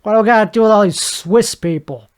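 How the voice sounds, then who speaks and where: A man voicing a grumpy local man who gripes in a slow drawl about foreigners. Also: sits high, clear, resonant tone, lightly acted. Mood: grumbling.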